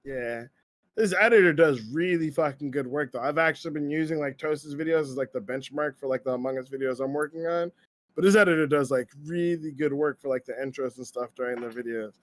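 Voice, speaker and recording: A man's voice: on the high side, fairly quick. A young man co-hosting a casual gaming podcast, slangy and stumbling over restarts. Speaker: podcast co-host.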